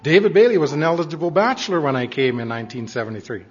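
A man's voice: a little high, big pitch swings, rapid-fire, slightly rough. An older man fondly recounting church memories to a congregation, in an earnest storytelling manner. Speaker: church member addressing congregation. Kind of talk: reminiscing speech to a congregation. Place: church hall. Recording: echoey hall, dull lo-fi sound.

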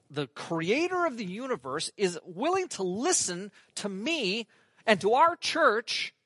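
A man preaching an earnest, animated sermon as pastor, reading scripture and exclaiming over it. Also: very high-pitched, dry recording.

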